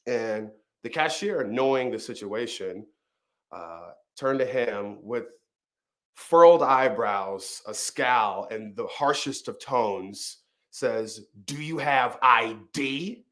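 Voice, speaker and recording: A man's voice: fairly low pitch, animated, slow pace, a bit bright. A man, a comedian and storyteller, telling a personal story and then chatting casually in an interview. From Arizona. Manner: vivid storyteller, acts out the people he quotes.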